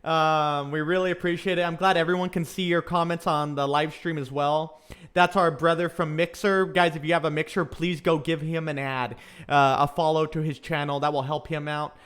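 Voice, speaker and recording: A man's voice: fairly high pitch, flat delivery, normal speed, fairly bright tone, smooth. A young man from Southern California giving casual live race commentary, chatty and fan-like, reading viewer comments with many fillers.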